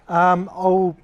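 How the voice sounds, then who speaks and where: Blunt, slightly high-voiced male trainer. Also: muffled recording. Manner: blunt, casual, swears freely. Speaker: workplace trainer. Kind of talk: training talk to a live group.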